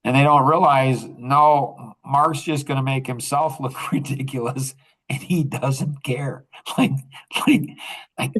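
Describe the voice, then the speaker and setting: A man's voice: fairly high pitch, husky, low-quality recording. An older man hosting a podcast, talking in a rambling, casual monologue full of restarts and laughter. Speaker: podcast host.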